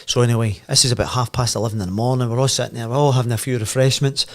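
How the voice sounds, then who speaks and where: A Scottish man in his fifties with a Glasgow accent, a podcast guest telling old football stories in a lively way, swearing and laughing as he goes. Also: mid-range voice, very fast. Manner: animated, laughs and swears freely while telling. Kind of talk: casual anecdote storytelling.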